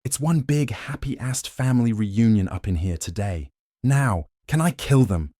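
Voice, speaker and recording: A man's voice: medium pitch, lively intonation, unhurried, dark tone, no room sound, clean studio sound, voice pushed up. A man voicing a fierce, angry female werewolf who swears and mocks. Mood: angry sarcastic. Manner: furious, swearing, mocking.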